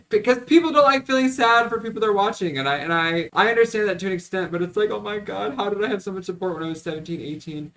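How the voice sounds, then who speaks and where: A man's voice: high voice, fast, hardly any pauses, fairly bright tone. A man in his twenties talking candidly to a phone camera on the go, swearing and switching between jokes and venting. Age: 20s. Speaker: vlogger. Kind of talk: casual vlog talk to camera. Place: out and about, car and stores.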